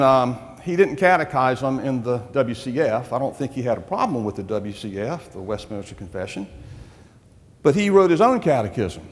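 A long reverb tail trails the mid-range voice of a male pastor as he preaches in church. His sermon is forceful and full of rhetorical questions aimed at the congregation.

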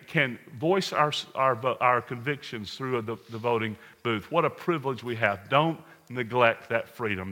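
A man's voice: on the low side, bright, forceful tone. An American man preaching a sermon as pastor, earnest and direct, speaking to his congregation in a large hall. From United States. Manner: earnest, addresses congregation as folks, numbered points.

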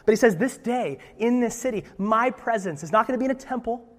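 A man's voice: extremely high pitch, lively intonation, a little fast, big-room sound. A man preaching as pastor, reading scripture and breaking into playful, conversational asides. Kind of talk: sermon.

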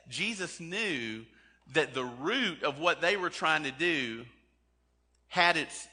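A man's voice: mid-range voice, pushed and bright, big-room sound. A man preaching a sermon in a conversational way, often acting out the people he quotes. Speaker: pastor.

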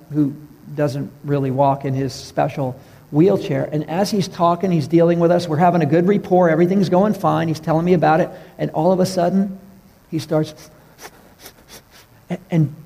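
A man preaching a sermon, telling stories in an earnest way and dropping his voice low for the tender parts. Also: gravelly, husky. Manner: storytelling, earnest, drops to a hush for tender moments. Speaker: pastor. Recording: reverberant hall.

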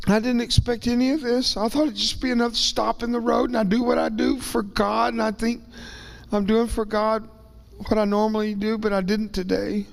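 A man preaches from the pulpit in a folksy, rambling way, his somewhat high voice rising and breaking into near-whispers. He mixes earnest appeals with self-deprecating asides. The sound rings out with a long reverb from the church hall. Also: creaky. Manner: voice rises and breaks into tearful whispers. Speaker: guest preacher. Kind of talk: emotional Pentecostal sermon. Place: church sanctuary.

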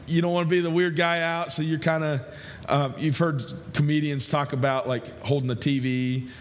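A man preaching a sermon as pastor, conversational, repeating phrases and slowing down to stress key lines. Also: fairly high pitch, a bit bright, a little hiss or hum.

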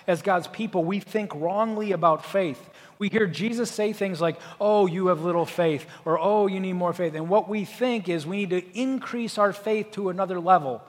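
A man preaching a sermon as pastor, earnest, building to forceful emphasis and then dropping soft. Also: high voice, big-room sound.

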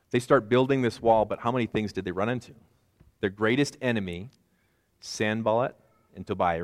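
A man's voice: fairly low pitch, long reverb tail. A man in his forties preaching a conversational sermon with self-deprecating asides. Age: 40s. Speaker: pastor.

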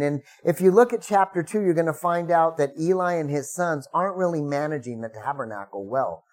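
A man's voice: fairly high pitch, darkish tone. A middle-aged man, a pastor, preaching a sermon in a conversational way, acting out the prayers he quotes with rising emphasis.

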